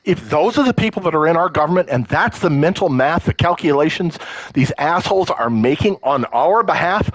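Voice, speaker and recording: A fired-up man rants on a live stream. His voice sits a little high and sounds close and dry, with no room around it. He swears freely and gets emotional, tripping over repeated words as he pushes through. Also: animated, brisk, no room sound, poor audio. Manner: heated, profane and emotional, with stammered restarts. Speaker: livestream host. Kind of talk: live political rant.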